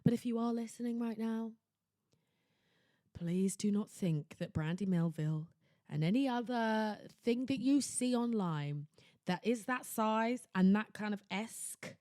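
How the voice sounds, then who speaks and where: A woman's voice: on the high side, expressive, unhurried, dark tone, no room sound, clean studio sound. A young woman hosting her own podcast, ranting theatrically and sarcastically about shopping. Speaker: podcast host. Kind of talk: casual solo podcast rant. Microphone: laptop setup at home.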